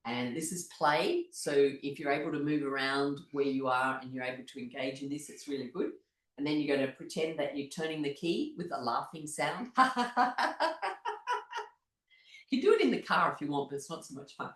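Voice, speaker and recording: A woman teaching a laughter exercise class, her instructions broken up by loud bursts of rhythmic laughter. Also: sits low, fairly quick, reverberant. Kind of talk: guided laughter exercise session.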